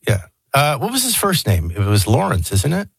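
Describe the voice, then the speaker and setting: A man hosts a morning radio show with a lively, swinging delivery and a slightly husky voice. He jokes and needles his co-hosts with a sarcastic bite. The studio sound is close and dry. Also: medium pitch, moderate pace, no room sound. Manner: animated, sarcastic and jokey. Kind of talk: casual radio talk.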